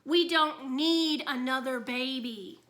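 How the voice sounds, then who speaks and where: A woman reading aloud plays an indignant boy who sulks and snaps at his family. His voice comes out high and bright in a storybook reading. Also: takes it slowly. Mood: sulky. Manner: indignant, shouting and sulking. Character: sulky, angry older brother, boy.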